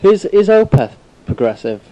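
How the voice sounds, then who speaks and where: Eager young English guy, mellow voice. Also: high voice, big pitch swings, moderate pace, dull audio. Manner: eager, enthusiastic. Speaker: podcast co-host. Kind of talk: casual chat.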